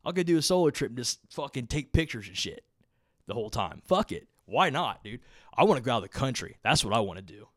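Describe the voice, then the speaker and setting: Talking quickly in a medium-pitched, fairly bright voice, a young podcast host swings his pitch widely while spinning a long, meandering story. He swears a lot and leans on filler words, and the studio-quality audio has no room sound.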